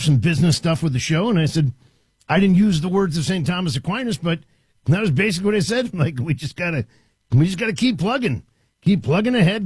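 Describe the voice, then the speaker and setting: A man hosting a talk radio show from a studio, delivering an animated, emphatic monologue with frequent restarts. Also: high voice, breathy edge, dry recording.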